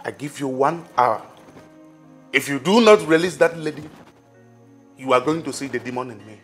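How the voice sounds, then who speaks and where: A man's voice: mid-range voice, normal speed, soft background music, natural voice. An actor playing a man who firmly threatens and confronts a woman. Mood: threatening. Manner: firm, threatening.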